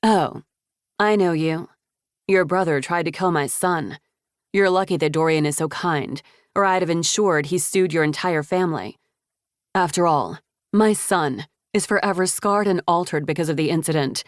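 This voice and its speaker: A woman's voice: lowish voice, moderate pace, no room sound, studio quality, lightly acted. A woman narrator voicing a cold, scornful wealthy mother in an audiobook, her lines cutting and contemptuous.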